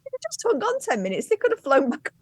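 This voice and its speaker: A woman's voice: high voice, wildly swooping pitch, fast talker, darkish tone, no echo. A woman co-hosting a casual chat, telling stories in a wry, chatty way and laughing often. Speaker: co-host.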